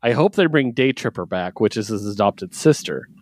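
A man co-hosting a casual podcast, talking about comics with excitement and frequent laughs. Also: lowish voice, normal speed, no echo, clean studio sound. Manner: excited, laughs often, acts out quotes. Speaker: podcast co-host reviewing comics. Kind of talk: casual chat.

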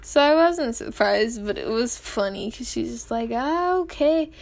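A woman's voice: a little high, expressive, normal speed, vocal fry. A teenage girl vlogging in a rambling, chatty way, often giggling and apologizing, with a sore, swollen-feeling throat. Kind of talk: casual chat.

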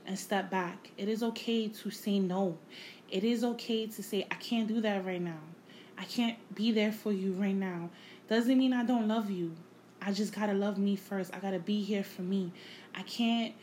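Woman podcast host, unscripted personal monologue, reflective and halting, mid-pitched voice. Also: a little mellow, slight background noise, rough recording. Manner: reflective, halting, repeats phrases; emotional, candid, casual swearing.

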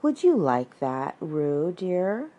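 A woman voicing a calm, motherly female kangaroo who speaks cheerfully and gently teases in a storybook reading. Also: lowish voice, slow pace, dull audio, heavily acted.

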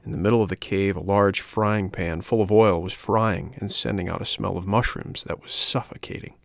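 A man reading a classic storybook aloud as an audiobook narrator, in a measured, even manner. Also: lowish voice, gravelly, no echo, clean studio sound.

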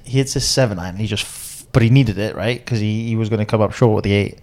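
Male co-host, animated storyteller, casual chat. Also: lowish voice. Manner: animated storyteller, quick laughs, acts out quotes. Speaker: podcast co-host and caddie.

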